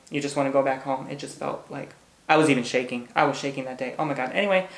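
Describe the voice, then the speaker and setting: A man's voice: medium pitch, quick pace, a bit bright, roomy sound. A man giving a pick-a-card tarot reading, bubbly and hyper, gushing and repeating words. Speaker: tarot reader.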